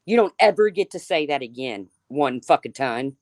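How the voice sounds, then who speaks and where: Low-voiced woman ranting profanely. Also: very animated, normal speed, few pauses, a little mellow, no room sound, studio quality. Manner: profane, heated, calling out viewers by name. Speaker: livestream host. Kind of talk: ranting livestream commentary.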